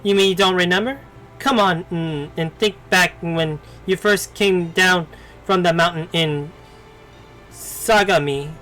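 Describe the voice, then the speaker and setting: A man's voice: high voice, measured pace, pushed and bright, soft background music, poor audio. A man reading the lines of a playful, teasing female fox spirit in a coy way.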